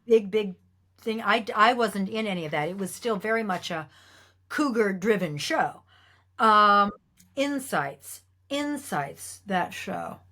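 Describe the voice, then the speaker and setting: Woman, middle-aged, actress guest, lively storyteller, acts out quotes, mid pitch. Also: slow. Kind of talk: animated anecdote telling.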